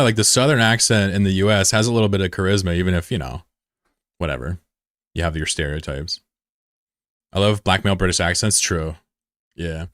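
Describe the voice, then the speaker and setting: A man's voice: sits low, normal speed, fairly bright tone, no echo, studio quality. A young American man chatting loosely with viewers on a stream, rambling and swearing freely. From USA. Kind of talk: casual chat with viewers.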